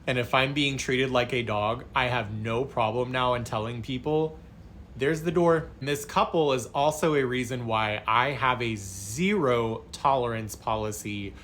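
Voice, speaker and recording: Brief: storytime vlogger, man, animated retelling, bright forceful tone, faint hum behind. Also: mid-range voice, normal speed, hardly any pauses. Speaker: psychotherapist telling a story. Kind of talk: casual storytime vlog.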